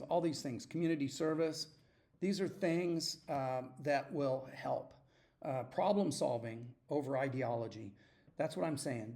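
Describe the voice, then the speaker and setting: Gravelly-voiced man exhorting listeners. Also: mid-range voice, darkish tone. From United States. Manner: earnest, exhorting, frequent throat clearing and restarts. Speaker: podcast host. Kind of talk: opinionated solo podcast monologue.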